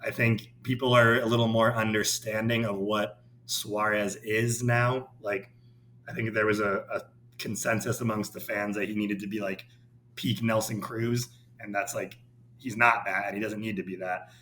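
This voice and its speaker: A man's voice: on the low side, moderate pace. Casting laid-back male podcast guest, rambling chatter, faint hum behind. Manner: relaxed, rambling, heavy use of "like". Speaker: podcast guest, baseball writer. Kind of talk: casual podcast chat.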